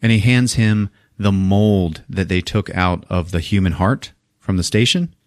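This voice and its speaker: A man's voice: deep voice, measured pace, no room sound, studio quality. A man co-hosting a podcast, retelling a movie scene by scene in casual chat, swearing freely and acting out the characters' lines. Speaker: podcast co-host recapping a movie.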